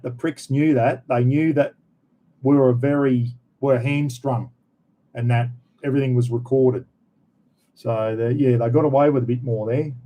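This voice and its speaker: A middle-aged Australian man, once a cop and a prison officer, answers viewer questions on a livestream in casual chat. His medium-pitched voice is warm but poorly recorded, and he's blunt and salty, swearing freely.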